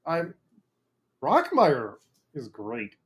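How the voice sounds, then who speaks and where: A man's voice: fairly high pitch, wildly swooping pitch, drawn-out words. A man hosting a casual podcast chat, steering the segment with dry, jokey asides. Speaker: podcast host.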